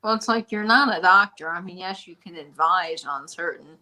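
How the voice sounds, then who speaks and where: A woman hosting a casual live-stream chat, telling stories in an animated, chatty way. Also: lowish voice, normal speed, low-quality recording. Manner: chatty storyteller, animated retelling. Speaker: shop host.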